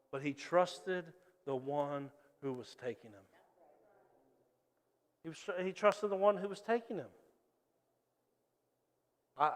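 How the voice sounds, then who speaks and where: Male pastor, higher register, lively storyteller sermon, hall echo. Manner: animated storytelling with acted-out voices.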